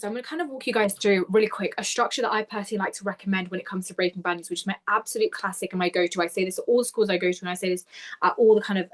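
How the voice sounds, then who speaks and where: A young woman giving upbeat, enthusiastic feedback as an interview coach in a webinar. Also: medium pitch. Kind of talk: webinar feedback on role-play.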